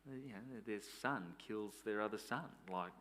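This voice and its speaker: A man's voice: fairly low pitch, measured pace, fairly bright tone, a little hiss or hum. A man, a pastor preaching a sermon in a conversational way, asking rhetorical questions.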